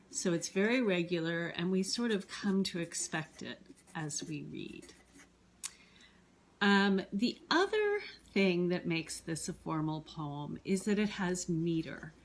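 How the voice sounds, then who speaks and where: A woman teaching a classroom poetry lesson, explaining patiently with frequent ums and pauses. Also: on the low side.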